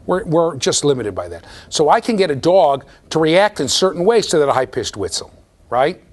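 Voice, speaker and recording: Animated man lecturing a class. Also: fairly high pitch, normal speed. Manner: animated, checks in with students, repeats words. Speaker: university lecturer.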